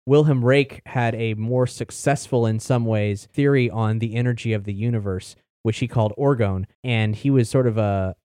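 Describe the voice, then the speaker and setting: A man's voice: mid-range voice, steady tone, moderate pace, few pauses, dark tone, clean tone, dry recording, studio quality. A man hosting a podcast, chatting casually and rambling about books he has read, with the odd swear word. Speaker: podcast host reviewing books. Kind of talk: casual chat.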